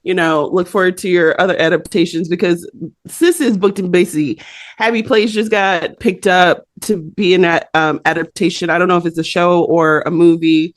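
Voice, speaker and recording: A woman co-hosting a podcast, telling a story in a lively, animated way and laughing often. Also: on the low side, moderate pace, no echo. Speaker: podcast co-host. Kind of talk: casual chat.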